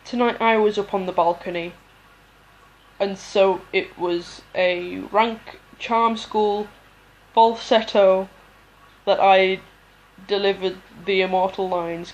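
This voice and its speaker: A woman reads a novel aloud in a mid-range voice. She takes her time, pausing and now and then restarting a word. A faint hiss sits under the recording. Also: mid-range voice, fairly even intonation, poor audio. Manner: unhurried reading with pauses and restarts. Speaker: audiobook reader. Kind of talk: amateur audiobook reading.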